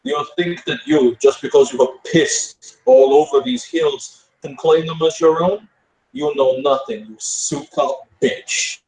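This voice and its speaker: A man playing a haughty, menacing male fae lord, with slow, contemptuous delivery. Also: on the high side, lively intonation, gravelly, darkish tone, recorded from a distance. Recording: roomy echo.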